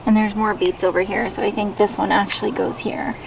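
A woman talking straight to her camera at home, rambling in a chatty way and often making fun of herself. Her voice sits at a middle pitch for a woman. A steady hiss of background noise runs under the home recording. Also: a little fast, creaky, low-quality recording. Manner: chatty, self-deprecating, laughs often. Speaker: vlogger. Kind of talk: casual vlog chat.

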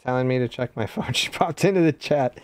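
A man in his forties hosting a game stream, easygoing and quick to laugh. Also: mid-range voice, no room sound. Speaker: streamer host. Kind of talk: casual gaming chat.

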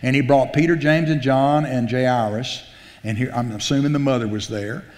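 A pastor preaching a sermon, telling the story in a folksy, animated way, acting out the quotes and often restarting his sentences. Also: medium pitch, moderate pace. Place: church sanctuary. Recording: long hall reverb.

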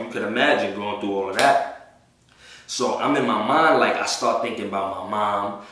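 A man's voice: on the low side, a bit bright. Echoey, far-off man telling a testimony. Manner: casual, slangy, acts out quoted speech. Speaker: person giving a religious testimony. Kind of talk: personal testimony storytelling. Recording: echoey room, voice far from mic.

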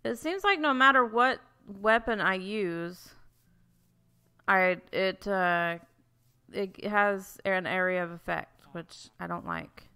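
A woman's voice: medium pitch, slow pace, bright, forceful tone, clear, resonant tone. Chatty woman narrating her gameplay. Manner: chatty, flustered, frequent restarts and exclamations. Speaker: let's-play host. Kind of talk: casual gameplay commentary.

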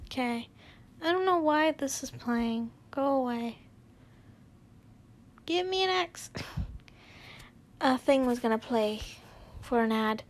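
Slow, halting woman reading fanfiction. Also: high-pitched, lively intonation. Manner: halting, frequent restarts and self-corrections. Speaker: fanfiction reader. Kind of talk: casual reading aloud.

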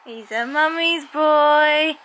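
Woman baby-talking to her dog, unhurried, bright voice. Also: high-pitched, steady tone. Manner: coos at a dog in a sing-song voice. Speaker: vlogger. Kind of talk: casual home vlog.

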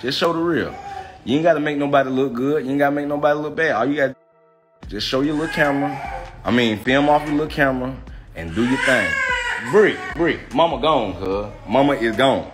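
A man chatting casually in a home vlog as a father and vlogger, with relaxed, slangy talk full of "cuz" and "you feel me". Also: medium pitch, fast, over music.

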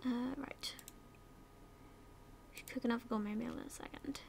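A woman's voice: fairly high pitch, steady tone, normal speed, creaky, a little hiss or hum. Chatty British woman gaming commentary. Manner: chatty, drops into whispers and silly voices, swears casually. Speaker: gaming YouTuber. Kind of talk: casual let's-play commentary.

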